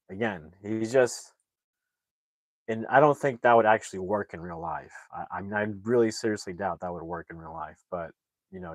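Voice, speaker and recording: A man's voice: lowish voice, no room sound. A man casually recapping a movie's plot, rambling with lots of fillers and restarts and openly doubting the story. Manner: opinionated, voices doubts about the plot. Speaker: movie reviewer.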